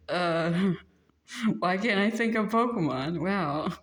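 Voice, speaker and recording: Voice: medium pitch, slow, long pauses, a bit bright. Giggly, rambling channeled tarot reader. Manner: rambling, many "like" fillers, prone to giggling. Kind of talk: casual spoken spiritual reading.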